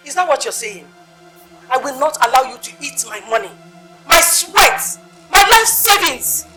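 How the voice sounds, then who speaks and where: A desperate Nigerian wife, played by a woman fighting for her lost savings, her voice bright and a little high. She pleads and presses hard, with soft music behind. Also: fairly quick, lightly acted. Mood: angry demanding. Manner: pleading then demanding. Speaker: actress. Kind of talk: film drama acting. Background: film score music.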